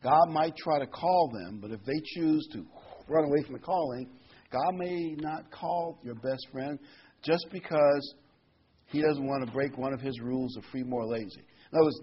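A man preaching a sermon in a plain, conversational way, reading scripture and pausing often with fillers. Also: mid-range voice, highs cut off, a little hiss or hum.

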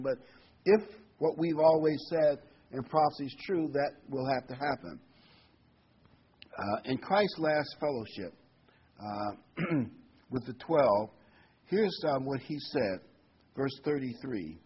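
A man's voice: mid-range voice, lively intonation, normal speed, breathy edge. A man preaching a sermon, reading Bible verses earnestly and stressing words, with small hesitations. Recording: dull lo-fi recording.

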